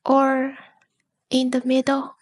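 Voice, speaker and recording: A woman whispers an ASMR lesson in a high, breathy voice. She speaks very slowly and holds an even, flat tone, repeating each word softly. Faint writing sounds are heard behind her. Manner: slow, soft and breathy, with many repeated words. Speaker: ASMR Spanish teacher.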